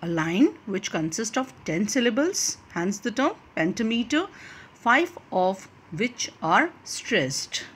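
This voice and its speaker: Woman teaching poetry terms, slow and careful, lots of uh's, pitch moves around a lot, faint hum behind. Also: big pitch swings, fairly bright tone. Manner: explains slowly, repeats points, frequent "uh" fillers. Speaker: literature lecturer. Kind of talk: recorded lecture.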